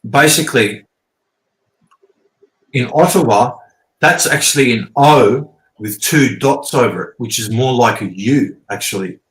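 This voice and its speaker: A man's voice: medium pitch, measured pace, a bit bright. A man, rambling and swearing as he explains things casually, often checking in with "okay?". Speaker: guest teacher. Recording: roomy echo.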